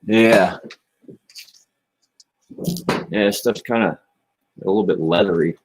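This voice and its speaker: A man with a lowish voice chats casually to viewers on a livestream. He rambles in a relaxed, easygoing way, dropping "man" and "you know" often. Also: slow. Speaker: livestream host.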